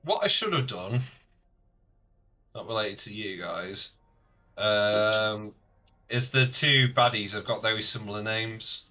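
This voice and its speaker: Male GM, bright tone, casual joking delivery. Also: lowish voice, expressive, slow pace, pauses often. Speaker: game master. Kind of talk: narrating a tabletop game.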